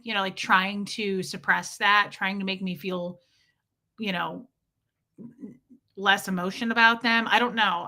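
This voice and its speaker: A young woman with a high, sharp voice hosts a casual confessional livestream from a room at home, her pets around her. Emotionally charged and close to tears, she talks candidly, full of fillers and restarts.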